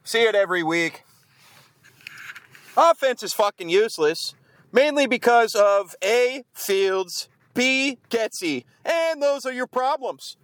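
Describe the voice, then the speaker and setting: A man rants after the game, cursing and grumbling in a fairly high, smooth voice. The sound is dry and close, with little room around it. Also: lively intonation, takes it slowly, fairly bright tone, no room sound. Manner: profane, grumbling rant. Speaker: fan vlogger. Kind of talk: ranting post-game chat. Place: outdoors in the cold.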